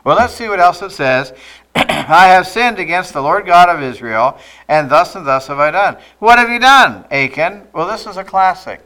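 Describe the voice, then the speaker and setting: Man, preacher, sermon, emphatic, slightly high, smooth. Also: lively intonation, bright, forceful tone, low-quality recording. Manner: emphatic, slows down to stress lines, has the listeners repeat phrases.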